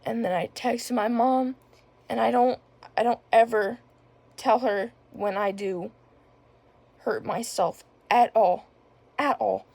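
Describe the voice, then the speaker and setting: Young woman with vocal fry. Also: fairly high pitch, fairly even intonation, slow, long pauses, a little mellow, no echo. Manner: rambling, many filler words. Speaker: vlogger. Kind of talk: casual personal storytelling.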